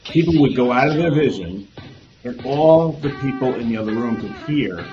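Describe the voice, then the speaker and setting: A man's voice: medium pitch, animated, normal speed. Rambling man telling a story. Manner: rambling, recounts from memory with hedges. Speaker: host. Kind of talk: casual storytelling monologue. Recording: dull lo-fi audio with music behind.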